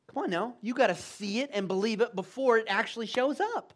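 A man's voice: very high voice, animated, a little fast. Preacher guy in a church, emphatic, keeps saying come on, voice swings all over. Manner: emphatic, call-and-response, "come on now". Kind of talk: sermon.

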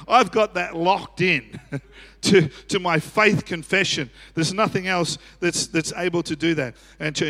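A man preaching a sermon as pastor, swinging from quiet asides to loud shouting and often chuckling. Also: a little high. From Australia. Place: church auditorium. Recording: echoey church hall.

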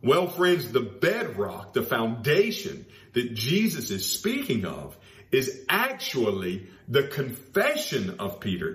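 A man preaching a sermon, stressing key phrases by slowing down and repeating them. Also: medium pitch, sing-song, fairly bright tone. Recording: roomy echo.

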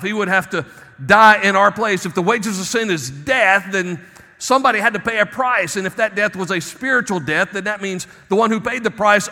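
A male pastor preaching a Sunday sermon, swinging between soft asides and emphatic rises. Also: high-pitched, big-room sound.

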